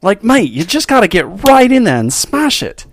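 A man voicing an earnest, lovesick Australian bloke in a shaky put-on Australian accent, rambling in a halting, mock-serious way. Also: high voice, sing-song, no echo, voice pushed up, exaggerated voice. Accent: attempted Australian slipping toward Southern US.

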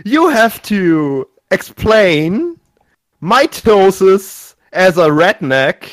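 Slow, high-voiced giggly man. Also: very animated, dry recording, studio quality. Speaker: podcast co-host. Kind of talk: casual podcast chat.

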